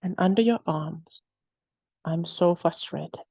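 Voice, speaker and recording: Slow, calm woman leading a webinar. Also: on the low side, vocal fry, breathy edge, dry recording, muffled recording. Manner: slow, calm, repetitive phrasing. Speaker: webinar host leading a tapping exercise. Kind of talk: guided repeat-after-me instruction.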